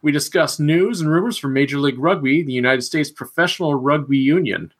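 Male podcast host from Missouri, a bit high-voiced, genial and self-mocking. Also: brisk, breathy edge. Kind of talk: casual podcast chat.

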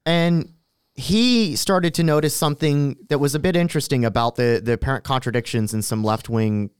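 A man's voice: medium pitch, moderate pace, smooth, dry recording, studio quality. A man co-hosting a casual political commentary show, chatting and reading long quotes aloud. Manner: reads long quoted tweets aloud, conversational asides. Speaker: co-host.

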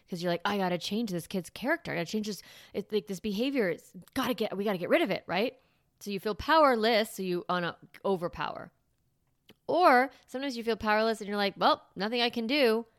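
A woman with a medium-pitched, clean-toned voice hosts a parenting podcast, offering advice in a casual monologue. Her chatty talk is full of fillers and restarts, and the studio-quality recording has no room sound.

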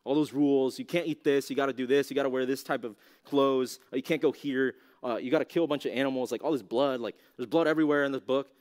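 A male youth pastor gives a teaching talk to young listeners. His voice sits at an ordinary middle pitch, and he speaks loosely and conversationally, often saying "like" and tossing out rhetorical questions. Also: fairly even intonation, fast talker, hardly any pauses, a little mellow. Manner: casual, conversational, heavy use of "like"; asks the audience rhetorical questions.

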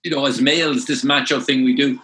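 A man in his sixties from Ireland with an Irish accent, telling his story as an interview guest, animated and repeating words as he gets going. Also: mid-range voice, brisk, poor audio.

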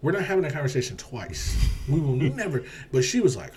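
A man's voice: medium pitch, big pitch swings, quick pace, a little mellow, slight background noise. A man in casual conversation, talking bluntly with strong opinions and casual swearing. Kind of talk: casual chat.

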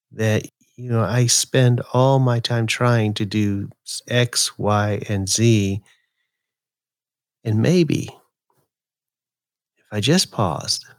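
A man hosts his podcast in a slow, easygoing manner, mixing folksy chat with a reading of his own poem. His voice sits a little low. The sound is dry and close to the mic. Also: no echo. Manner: slow, relaxed, folksy delivery. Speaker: podcast host. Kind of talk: casual talk and poetry reading.

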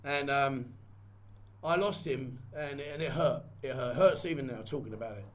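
A man's voice: mid-range voice, moderate pace. A man vlogging a candid personal story in a rambling, conversational way and repeating phrases. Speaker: vlogger and photographer.

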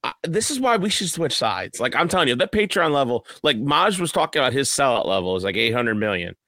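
Bright, sarcastic male podcast co-host. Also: medium pitch, big pitch swings, quick pace, no echo. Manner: jokey, sarcastic. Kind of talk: casual podcast banter.

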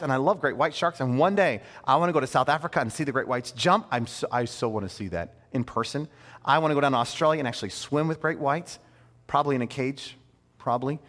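A man's voice: a little high, fast talker. Guy preaching a sermon, chatty and playful, voice bouncing all over, big echoey church. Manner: animated, conversational, with playful asides. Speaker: pastor.

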